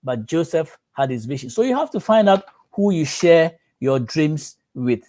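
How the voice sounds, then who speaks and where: A man's voice: fairly high pitch, very animated, moderate pace, mellow. A man preaching a sermon as a pastor, telling stories and acting out the voices of the people in them.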